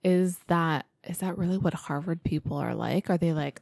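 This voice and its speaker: A woman's voice: fairly low pitch, normal speed, gravelly, few pauses, darkish tone, no room sound. A woman co-hosting a podcast, chatting casually and speaking her mind with emphatic swearing. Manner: emphatic and profane. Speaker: podcast co-host. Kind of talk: casual chat.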